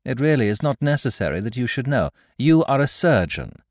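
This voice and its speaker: A man voicing a composed, secretive young woman who speaks calmly and steadily. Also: mid-range voice, no echo, studio quality, pitched above the performer's own voice. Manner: calm, measured and composed.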